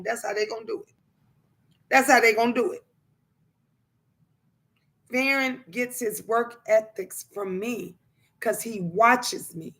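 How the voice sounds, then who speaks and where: A woman livestreaming in an animated, emphatic way, with a somewhat high, bright, forceful voice. She speaks plainly and colloquially, greeting viewers by name and repeating phrases for emphasis. Her delivery is casual and outspoken. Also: measured pace. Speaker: livestreamer and mother.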